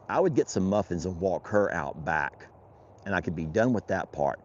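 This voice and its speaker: A low-voiced man rambles along as he works his pasture, his pitch rising and falling a lot while he talks. It is a casual rancher vlog taped outdoors, and the sound is a bit dull and lo-fi. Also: animated, normal speed, darkish tone. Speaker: rancher vlogger. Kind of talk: casual vlog narration while doing chores.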